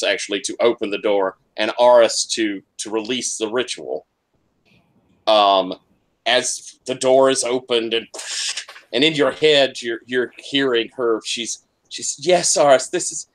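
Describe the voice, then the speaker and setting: A man narrating a tabletop game as game master, halting with many fillers and restarts. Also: fairly low pitch, fairly bright tone.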